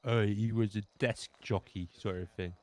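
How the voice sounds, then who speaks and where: A man's voice: fairly low pitch, steady tone, normal speed, darkish tone. A man playing a police officer in a game roleplay, making playful jokes. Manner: joking, playful. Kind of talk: casual game roleplay chat.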